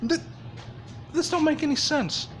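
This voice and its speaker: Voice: high-pitched, a little slow, a bit bright, soft background music. A person casually telling a rambling fan story, swearing often and laughing along.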